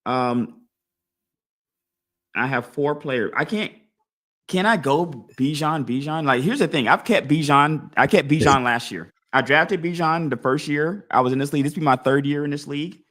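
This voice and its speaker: Man, casual chat, thinking out loud, playing crowd voices. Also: a little high, moderate pace. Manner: animated, talks through his choices out loud, acts out imagined crowd voices. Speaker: fantasy football league podcast host. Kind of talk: casual live-stream chat.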